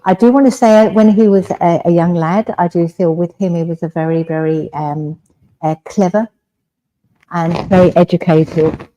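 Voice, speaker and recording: A woman with an English accent speaks as a medium, addressing her listeners directly in a soft, reassuring way. Her voice sits somewhat low for a woman and has a warm, mellow tone, and she keeps asking "all right?" as she goes. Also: steady tone, normal speed, poor audio. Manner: gentle, reassuring, often asks "all right?". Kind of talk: mediumship demonstration. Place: village hall.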